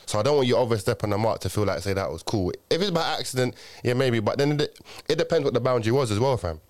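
A young man in casual group chat, talking quickly with lots of slang and restarts. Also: medium pitch, animated.

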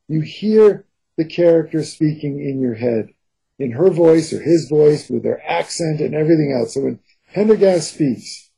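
A man's voice: on the high side, animated, normal speed, gravelly, warm tone, husky, rough recording. A novelist speaking earnestly in an interview, describing how he hears his characters. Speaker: novelist and co-author. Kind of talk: interview conversation.

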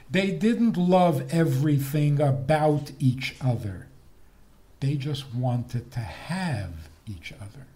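A man's voice: mid-range voice, expressive, slow pace, dark tone. A man giving a humorous lecture on marriage, playful and chuckling at his own jokes.

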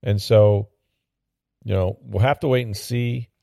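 A man with a low, gravelly voice talks sports in a loose, opinionated way, circling back with plenty of "um"s and "you know"s. His tone is dark and mellow. The recording is close and dry. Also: fairly even intonation, unhurried, dry recording. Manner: rambling and opinionated, with frequent fillers and restarts. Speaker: sports podcast host. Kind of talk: casual sports talk commentary.

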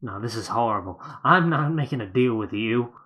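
A player voicing a stubborn, protective father who drawls and talks slowly. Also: medium pitch, lively intonation, a bit bright, breathy edge. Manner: drawling, says "ain't", slow and stubborn.

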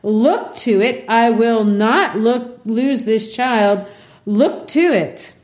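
Defiant Puritan mother, read aloud by a woman, raised a little higher, impassioned and old-fashioned. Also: takes it slowly, a little mellow. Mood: pleading. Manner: impassioned archaic pleading.

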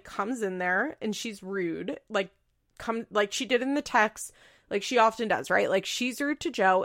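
A woman recapping a show in a casual, opinionated and sarcastic way, full of fillers. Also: mid-range voice. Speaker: podcast host recapping a reality show. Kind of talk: casual chat.

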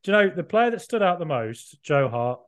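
A man's voice: a little high, big pitch swings, moderate pace. A young man from the UK co-hosting a podcast, teasing his co-host and laughing a lot. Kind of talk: casual chat.

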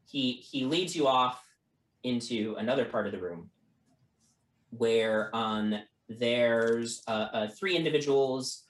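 A game master narrating a tabletop game in a halting way, with many fillers and restarts. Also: medium pitch. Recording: roomy, from a distant mic.

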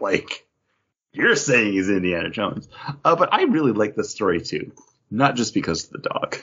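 A lower-voiced man with a husky edge and a lively, swooping delivery, chatting casually on a comics podcast. He rambles through fillers and jokes. The audio is dull and lo-fi. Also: normal speed. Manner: rambling, filler-heavy, jokey. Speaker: podcast co-host.

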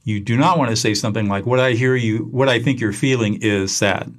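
A man's voice: mid-range voice, fairly quick. A man as a podcast guest, passionately teaching a conversation technique and acting out example exchanges. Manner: passionate, animated, acts out example dialogues. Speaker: guest expert.

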